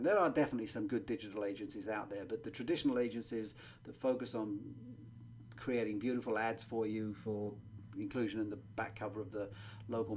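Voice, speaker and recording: A man's voice: lowish voice, a little mellow, a little hiss or hum. A middle-aged man with an English accent, a magazine publisher presenting a marketing webinar in a conversational style with frequent ums and uhs. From England. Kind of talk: presentation pitch.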